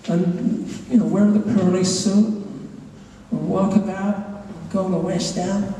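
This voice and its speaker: High-voiced man rambling through stand-up. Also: steady tone, mellow. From London. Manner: rambling, halting delivery. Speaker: stand-up comedian. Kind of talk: live stand-up set. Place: live comedy venue. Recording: echoey hall from far off.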